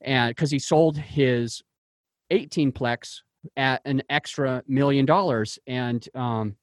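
A man's voice: mid-range voice, slow, no echo, studio quality. A man who invests in real estate, telling personal stories in an interview in an earnest way, often restarting his sentences. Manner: earnest, with frequent restarts and fillers.

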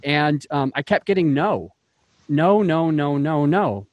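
A man's voice: fairly high pitch, slow pace, no room sound, dull audio. A man who invests in real estate, telling personal stories in an interview in an earnest way, often restarting his sentences. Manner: earnest, with frequent restarts and fillers.

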